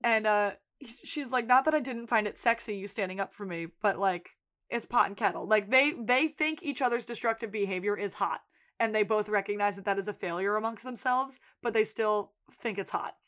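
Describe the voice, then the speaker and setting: A woman's voice: medium pitch, fairly quick. Woman recapping a tv episode on a podcast, chatty, acts out the characters' lines, swears a lot. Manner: animated retelling, acting out characters' lines, swearing. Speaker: podcast co-host.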